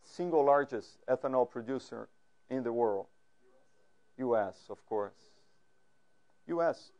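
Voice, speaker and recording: A man gives a lecture at a mid-range pitch. He talks with frequent fillers and restarts. Now and then he turns to the audience with questions. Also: expressive, takes it slowly, a little mellow, highs cut off. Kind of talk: academic lecture. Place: lecture room.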